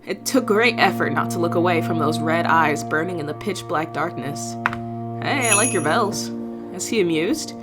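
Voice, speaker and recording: A woman's voice: lowish voice, moderate pace, hardly any pauses, over loud music. A woman reading a visual novel aloud, voicing the heroine's thoughts and adding wry, self-mocking asides. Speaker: game streamer.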